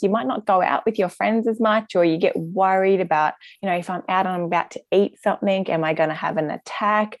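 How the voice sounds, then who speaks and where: A woman's voice: mid-range voice, dry recording. Chatty gut health practitioner woman. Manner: chatty, explanatory, frequent fillers. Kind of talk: casual interview answers.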